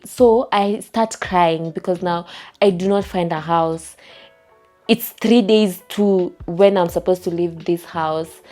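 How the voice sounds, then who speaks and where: A young Kenyan-accented woman with a fairly low, warm voice tells a storytime vlog at home while packing to move. She talks in a chatty, repetitive way.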